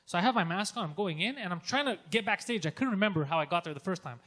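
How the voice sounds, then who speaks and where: A man's voice: high voice, fast talker. A man telling a story on a podcast, swearing and acting out his own outbursts, with Greek as his first language. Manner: profane, excitable storyteller who acts out his own yelling. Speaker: podcast co-host.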